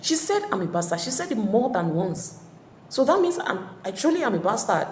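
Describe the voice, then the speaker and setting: Woman doing a proud young prince, pitched up, sneering, roomy reverb. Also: sing-song, brisk, a little hiss or hum, natural voice. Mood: troubled. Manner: raised, scornful outbursts. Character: young prince, arrogant then shaken. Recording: echoey room with long reverb.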